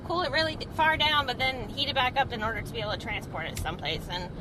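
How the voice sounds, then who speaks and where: A woman's voice: fairly high pitch, quick pace, background noise. A woman hosting a casual road trip podcast, talking animatedly and laughing often from inside a moving car. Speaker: podcast host.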